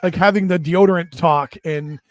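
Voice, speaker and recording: A middle-aged man co-hosting a comedy podcast rambles through crude stories about raising kids, with profane asides and mocking impressions. His voice is on the high side and steady, at normal speed, in a dry recording.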